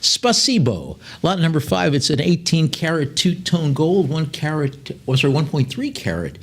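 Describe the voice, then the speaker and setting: A man's voice: on the high side, animated, normal speed, gravelly. A man working as an auctioneer, calling bids in a live auction and drifting into chatty asides with lots of fillers. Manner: chatty, digressive, many fillers between bid calls.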